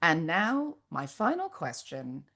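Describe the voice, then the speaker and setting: A woman's voice: low voice, huge pitch swings, takes it slowly, sharp tone. A woman hosting an interview, speaking earnestly and emphatically in long flowing thoughts full of "like" and "you know.". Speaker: podcast host, interviewer. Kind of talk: casual interview chat.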